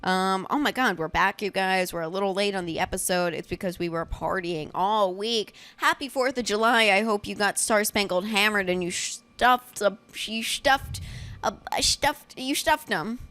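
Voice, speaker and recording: A woman's voice: medium pitch, moderate pace, sharp tone, clean tone. A woman in her twenties hosting a casual comedy podcast, brash and teasing with crude jokes. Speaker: podcast host.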